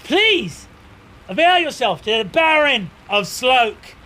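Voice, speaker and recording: A man voicing a pompous, blustering male knight who shouts indignantly in a high voice. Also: sing-song, slow pace, slight background noise, heavily acted. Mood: fawning.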